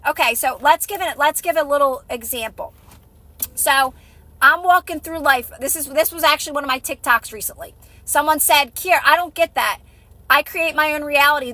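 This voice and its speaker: Emphatic high-voiced woman coach. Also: sharp tone, no echo. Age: adult with kids. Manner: emphatic, repetitive, acts out little scenes. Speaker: manifestation coach. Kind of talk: TikTok live motivational talk.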